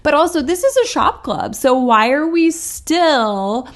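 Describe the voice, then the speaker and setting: A woman's voice: high voice, animated, a little slow. A woman hosting a chatty, sarcastic reaction commentary, peppered with likes. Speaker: commentary host.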